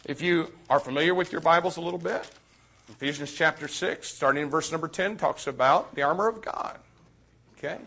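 A male preacher delivering a youth sermon in a fairly high, bright, forceful voice. He drops to near-whispers, then climbs to shouted emphasis. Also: fairly quick, gravelly. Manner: swings from quiet confiding to shouting emphasis.

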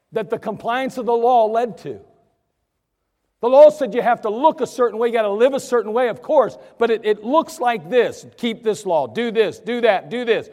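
With a high-pitched yet darkish voice, a man preaches as pastor, emphatic and acting out the voices he quotes. The setting is a church sanctuary, recorded with long reverb.

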